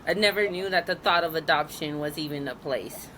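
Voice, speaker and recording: Lower-voiced woman in her thirties, candid. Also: brisk, sharp tone, a little hiss or hum. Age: 30s. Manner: open and frank, with many filler likes. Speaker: guest. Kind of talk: candid personal storytelling.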